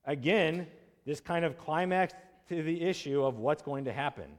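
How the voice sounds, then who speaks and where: A man's voice: fairly high pitch, normal speed, big-room sound. A man preaching an expository sermon in a conversational way, asking his listeners questions and acting out quotes in casual voices.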